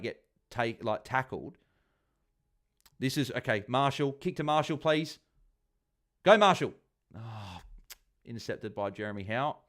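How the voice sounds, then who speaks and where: With a fairly low-pitched voice, a man hosts a live fantasy football watchalong stream. He chats casually, reads viewer comments aloud and cheers the players on.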